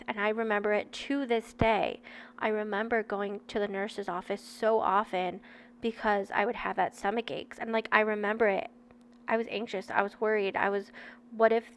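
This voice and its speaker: A woman's voice: mid-range voice, clean tone. A woman in her thirties reading a book aloud and breaking off into candid, chatty personal asides to her viewers. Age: 30s.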